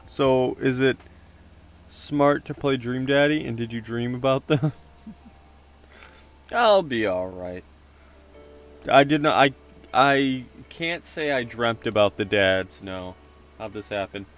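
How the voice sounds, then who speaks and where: A man's voice: mid-range voice, animated, slow, long pauses, fairly bright tone, faint music behind. A male streamer chatting casually with viewers and greeting them, joking about himself. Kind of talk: casual livestream chat while reading a game aloud.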